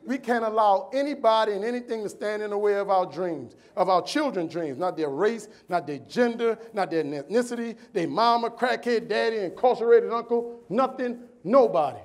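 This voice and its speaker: A man's voice: sits high, moderate pace, few pauses. A man, giving a rhythmic, preacherly motivational speech on a convention stage. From New Orleans, US. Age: 40s. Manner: preacherly, rhythmic lists, voice swings from loud to hushed. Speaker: keynote speaker.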